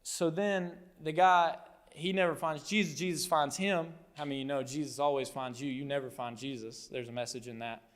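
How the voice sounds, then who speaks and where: A man's voice: medium pitch, fairly even intonation, a little fast. A man preaching a sermon as pastor, telling the story conversationally and acting out the quotes with animation. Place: church hall. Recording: long hall reverb.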